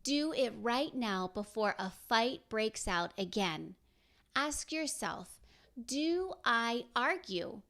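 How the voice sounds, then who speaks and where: A woman's voice: on the high side, animated, fairly bright tone. A woman hosting a podcast, speaking in an earnest, encouraging way straight to mothers. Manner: slow, earnest and encouraging, addressing mothers directly. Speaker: podcast host. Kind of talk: scripted podcast talk.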